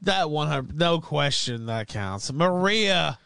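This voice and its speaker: A man hosting a casual podcast, talking in a profane, excitable, sarcastic way. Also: a little high, slow, vocal fry, smooth, no echo, studio quality. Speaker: podcast host. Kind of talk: casual live-stream commentary.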